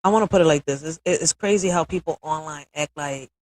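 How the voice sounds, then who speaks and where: A woman's voice: deep voice, fast, no echo, low-quality recording. A woman hosting a live stream, talking emotionally and bluntly with lots of cursing, often checking in with "all right?". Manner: emphatic, builds to forceful peaks.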